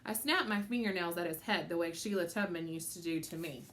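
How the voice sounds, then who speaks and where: A woman reading a children's chapter book aloud in an expressive, storytelling manner. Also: on the low side, brisk. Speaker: audiobook reader. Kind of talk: children's audiobook narration.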